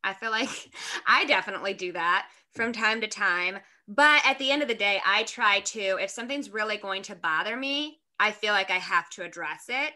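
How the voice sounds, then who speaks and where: A woman co-hosting a podcast in casual chat, talkative and quick to laugh, reading points from her notes. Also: medium pitch, sharp tone. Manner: chatty, laughs often, reads points from notes. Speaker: podcast co-host.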